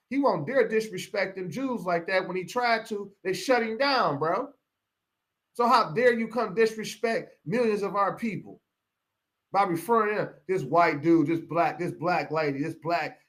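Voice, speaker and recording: A middle-aged show host from Pontiac, Michigan, with a high-pitched, fairly bright voice, delivers a heated, preachy rant on a live broadcast. He repeats phrases for emphasis.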